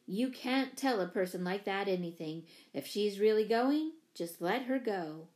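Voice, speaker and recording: A woman voicing a firm, plain-spoken man in a storybook, lowering her voice a little. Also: lively intonation, a little slow, darkish tone, close to an everyday voice.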